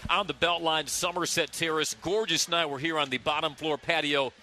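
Man, sports radio host, very bright sharp tone, upbeat and smooth. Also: on the high side, steady tone, moderate pace, a little hiss or hum. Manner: upbeat, smooth, reads stats crisply. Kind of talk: radio sports talk interview. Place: outdoor brewery patio at a live radio show.

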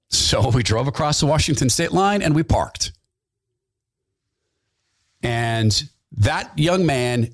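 A man's voice: mid-range voice, dry recording, studio quality. A middle-aged man hosting a talk radio show, telling folksy stories and acting out the quotes. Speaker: radio host. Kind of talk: storytelling talk radio monologue.

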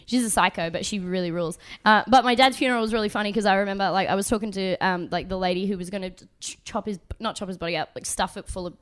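A woman's voice: mid-range voice, fast talker, few pauses. A woman comedian, a podcast guest, telling rambling, sweary stories in casual chat and laughing often.

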